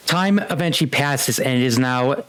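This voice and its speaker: A young man narrating a tabletop game as game master, halting with fillers and little chuckles. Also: medium pitch, a bit bright, clean tone.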